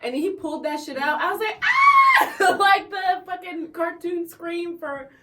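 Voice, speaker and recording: A woman's voice: very high voice, moderate pace, raised voice, distant mic, heavy background noise. A woman co-hosting a casual podcast, cutting in with blunt, profane remarks and laughing a lot. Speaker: podcast co-host. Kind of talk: casual chat.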